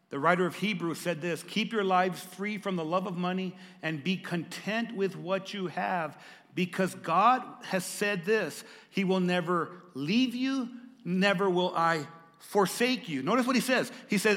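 High, bright-voiced preaching man. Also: normal speed, big-room sound. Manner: dramatic, repeats lines for emphasis, calls out to congregation. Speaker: pastor. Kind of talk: sermon. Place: church.

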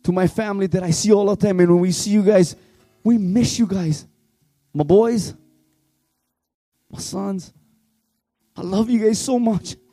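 A man leading worship, preaching with fervent, pleading passion that swings from shouts to hushed tones. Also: sits high, measured pace, pauses often, no echo, faint music behind. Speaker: worship leader. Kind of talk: impassioned youth revival sermon.

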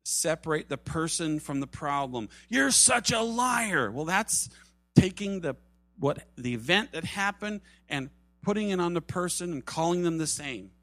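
A man preaching a sermon at a church service, animated, acting out quoted voices and dropping to soft tones for emphasis. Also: fairly high pitch, normal speed, no room sound. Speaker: pastor.

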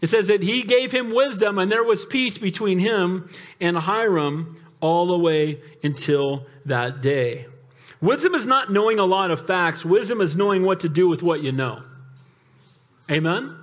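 A man preaching a sermon as pastor, telling stories with lively asides and calling for amens. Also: sits high, measured pace. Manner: animated storytelling with calls for amen.

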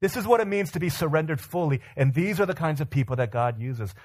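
A man's voice: a little high, animated, fast talker, a little mellow. A man preaching a sermon as pastor, telling an everyday story and asking the congregation rhetorical questions.

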